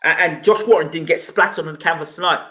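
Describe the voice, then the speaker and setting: A man's voice: a little high, quick pace. A man hosting a live boxing stream, arguing with viewers and asking rhetorical questions. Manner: animated and argumentative, with rhetorical questions. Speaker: boxing channel host. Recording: echoey room.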